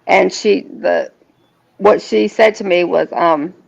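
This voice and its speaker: A woman, a guest telling a personal story in an earnest, halting way, often restarting her sentences. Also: lowish voice, vocal fry, slightly rough. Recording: dull lo-fi sound.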